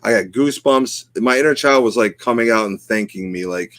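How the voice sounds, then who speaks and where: Low-voiced heartfelt podcast host man. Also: brisk, fairly bright tone, no echo. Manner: emotional, heartfelt, rambling with many fillers. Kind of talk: casual chat.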